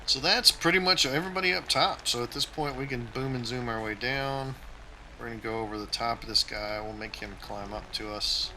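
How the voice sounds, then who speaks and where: Bright-voiced man giving game commentary. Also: mid-range voice, brisk, a little hiss or hum, rough recording. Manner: casual, tactical play-by-play talk. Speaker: gaming channel host.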